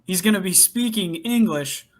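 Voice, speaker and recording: High-voiced young man chatting casually. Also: animated, moderate pace. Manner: chatty, laughs while telling a work story. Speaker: podcast co-host. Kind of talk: casual chat.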